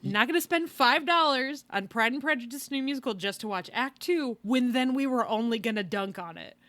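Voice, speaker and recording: A woman's voice: fairly high pitch, animated, fairly quick, a bit bright, no echo. Tired, wry woman podcast host. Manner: wry, rambling, with sighs and laughs. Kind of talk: casual chat.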